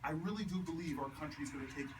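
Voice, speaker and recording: A man speaking to a crowd at a house party, telling stories in a stump speech that builds from measured to loud, with laughing punchlines. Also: fairly high pitch. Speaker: politician speaking at a campaign event. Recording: distant mic with background noise.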